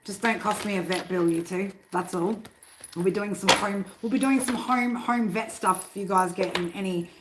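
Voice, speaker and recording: A woman chats loosely on a live stream from her home, swearing as she goes and stopping often to yell at her squabbling cats. The pitch sits in a middle range. A steady hiss of background noise runs under her voice. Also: normal speed. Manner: loose and chatty, swears freely, breaks off to scold her cats. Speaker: tarot reader hosting a live stream. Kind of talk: casual live-stream chat.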